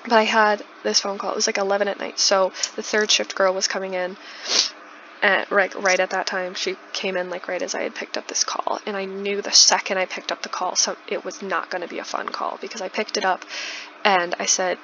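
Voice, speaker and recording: A woman's voice: mid-range voice, flat delivery, a little fast, bright, forceful tone. A young woman in her twenties telling a casual storytime while doing a building game, chatty with lots of likes and restarts. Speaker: YouTuber. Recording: dull lo-fi, faint noise.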